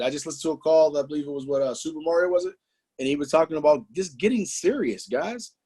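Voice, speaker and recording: A man leading a motivational sales training, emphatic and animated, throwing out rhetorical questions and slang. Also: on the high side, breathy edge. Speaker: business trainer presenting to a team.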